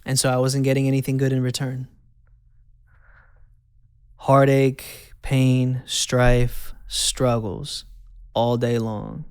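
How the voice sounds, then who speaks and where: Gravelly, smooth-voiced man telling his story. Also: medium pitch, monotone, takes it slowly, long pauses, a little mellow, no echo, clean studio sound. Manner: candid, conversational, repeats phrases for emphasis. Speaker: host. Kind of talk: personal testimony.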